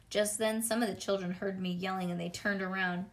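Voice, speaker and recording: A woman reading a children's storybook aloud in a lively, childlike first-person narration. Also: medium pitch, brisk, hardly any pauses. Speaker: reader.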